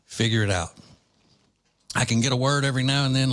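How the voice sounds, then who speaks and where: A man's voice: mid-range voice, fast talker, pauses often, a bit bright. A man from Louisiana hosting a podcast, giving blunt, combative political commentary with rambling asides. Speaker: podcast host.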